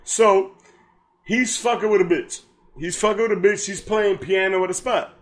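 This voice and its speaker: A man with a fairly high voice co-hosts a podcast in loose, casual chat. He retells a sitcom scene with gusto, slipping into the characters' lines and laughing as he goes. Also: normal speed. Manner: animated storyteller, acts out characters' lines, laughs often, heavy profanity. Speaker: podcast co-host.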